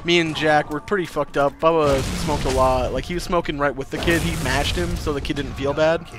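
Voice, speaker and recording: A young man vlogging, telling a casual story to camera with animated delivery, acting out other people's voices and swearing freely. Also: a little high, fairly quick, music in the background.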